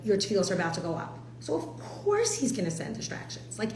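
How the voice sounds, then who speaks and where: A woman, teaching a casual class in a chatty, animated way, full of fillers and acted-out quotes. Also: medium pitch, fast, vocal fry, echoey room, a little hiss or hum, poor audio. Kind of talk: casual spoken lesson.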